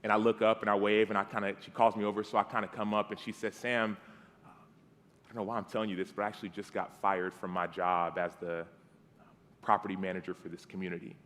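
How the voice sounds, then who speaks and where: Man, 30s, preacher. Casual storytelling sermon, slightly low voice, acts out dialogue, often drops to soft tones. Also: flat delivery, fairly quick. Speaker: guest preacher. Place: church sanctuary. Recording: long hall reverb.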